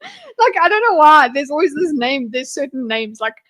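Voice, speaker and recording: Lady streaming, chatty, thinks out loud, a bit high. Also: sing-song, normal speed. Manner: chatty, laughs easily, thinks aloud. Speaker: streamer reacting to videos. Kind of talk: casual livestream chat.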